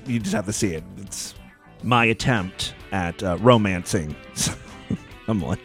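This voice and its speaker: A man's voice: on the low side, takes it slowly, fairly bright tone, soft background music. A man hosting a crude comedy podcast, talking in an irreverent, rambling, sarcastic way. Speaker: podcast host. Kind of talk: crude comedic news and voicemail show.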